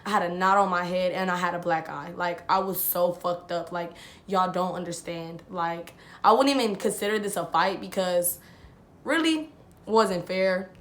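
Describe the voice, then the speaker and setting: A woman's voice: on the low side, normal speed. Young woman vlogging, chatty story time, keeps repeating herself and says y'all a lot. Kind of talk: casual storytelling.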